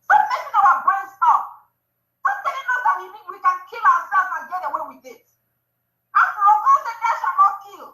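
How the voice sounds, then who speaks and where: A woman's voice: very high voice, very animated, fairly quick, pushed and bright. A woman, from southeastern Nigeria, co-hosting a talk show and speaking with fervent emotion, repeating her questions. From Biafra region, southeastern Nigeria. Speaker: co-host. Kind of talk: impassioned talk-show discussion. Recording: roomy echo.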